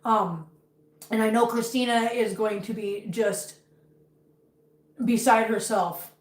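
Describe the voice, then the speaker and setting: A woman's voice: a little high, slow. A woman hosting a casual livestream from her kitchen, chatty and emotional, cooing at her cats between chatting with viewers. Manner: emotional, chatty, coos baby talk at cats. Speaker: livestream host. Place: home kitchen. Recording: roomy echo, voice from far off.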